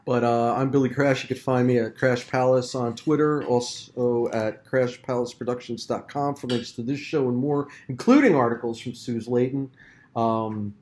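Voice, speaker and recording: A man's voice: mid-range voice, normal speed, darkish tone, slight background noise. Effusive jokey man hosting a podcast. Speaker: podcast co-host. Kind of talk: casual chat.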